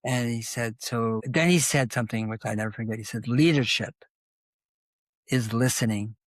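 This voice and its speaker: A man's voice: mid-range voice, normal speed, no room sound. An older man telling a long, rambling story as a guest in an interview, with many asides. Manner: rambling anecdotal storytelling, animated.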